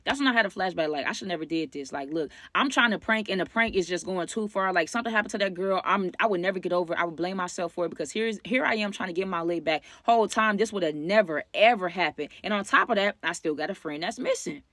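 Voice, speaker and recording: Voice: mid-range voice, quick pace, hardly any pauses, sharp tone, no echo, clean studio sound. A young adult vlogger telling a wild story to viewers in slangy, casual talk, often turning to address the audience directly. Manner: slangy, talks straight to the audience.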